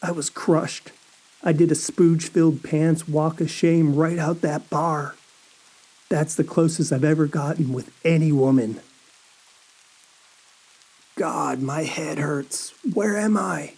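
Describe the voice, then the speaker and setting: Male horror audiobook reader; unhurried, mellow, anxious first-person telling. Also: a little high, fairly even intonation.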